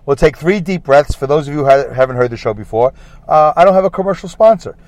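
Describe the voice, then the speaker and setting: A man's voice: on the high side, lively intonation, fast talker, darkish tone, no echo. Brooklyn-accented male podcast host, chatty and self-mocking, in a parked car, dry sound. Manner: chatty, repetitive, self-deprecating. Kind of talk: rambling solo podcast monologue.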